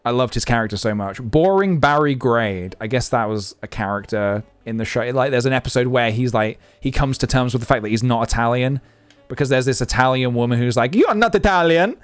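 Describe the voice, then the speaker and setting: A man's voice: medium pitch, flat delivery, quick pace, clean tone, no echo, soft background music. Rambling young man streaming. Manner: rambling, thinking aloud, many fillers. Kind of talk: casual live-stream chat.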